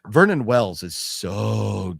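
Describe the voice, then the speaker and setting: A man's voice: on the low side, big pitch swings, slow, creaky, husky, dry recording, studio quality. A man hosting a casual chat about a movie haul, rambling with restarts and reading chat comments aloud. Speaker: show host.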